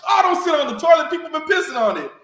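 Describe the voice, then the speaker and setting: A man voicing a loud, incredulous male Marine sergeant who yells in a high, strained voice. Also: moderate pace. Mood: shocked yelling. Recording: roomy echo.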